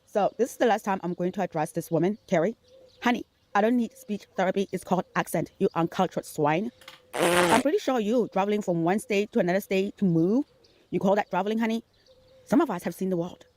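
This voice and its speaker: A woman's voice: medium pitch, brisk, a little mellow, slight background noise. A woman from outside the United States, scolding another streamer sarcastically and profanely in a call-out video.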